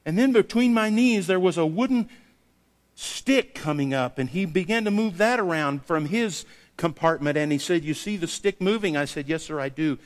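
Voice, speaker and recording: A man preaching a sermon, telling a personal story and acting out the dialogue with lively variation. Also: fairly high pitch, normal speed. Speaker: pastor. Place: church sanctuary. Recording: long hall reverb.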